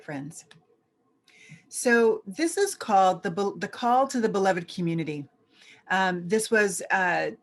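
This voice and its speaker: A woman giving a church teaching presentation as a visiting scholar, earnest and conversational, repeating key points for emphasis. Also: mid-range voice.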